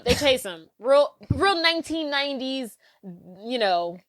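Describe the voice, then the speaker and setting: A woman with a fairly high voice tells a movie's plot in a loose, slangy, animated way. The sound is dry and close, with no room around her. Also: normal speed, dry recording. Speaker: podcast co-host. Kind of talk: casual movie recap chat.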